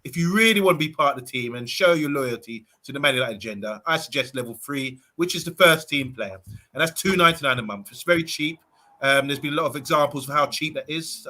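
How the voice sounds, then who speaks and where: A man hosts a casual panel chat. His voice sits a touch high and rings bright and forceful. He talks in a chatty, promotional way with plenty of fillers. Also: fast talker. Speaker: show host.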